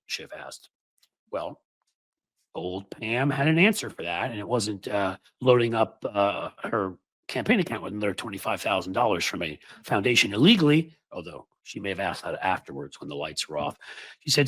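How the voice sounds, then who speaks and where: A man's voice: low voice, lively intonation, a little fast, fairly bright tone, breathy edge, dry recording. A man hosting casual political commentary, talking in a sarcastic, mocking way.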